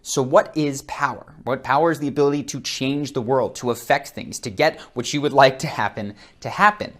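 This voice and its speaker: A man giving an energetic on-camera lesson as a body-language coach, demonstrating as he talks. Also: medium pitch, fairly quick. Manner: energetic, demonstrative, plays with tone and rhythm. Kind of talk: on-camera instructional talk. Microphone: close camera framing, seated.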